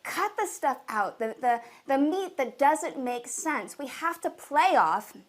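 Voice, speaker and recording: A woman hosting a live stream, coaching viewers on making videos in a playful, animated way and greeting them directly. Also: sits high, slow pace. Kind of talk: lively live-stream talk. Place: home setup with two cameras.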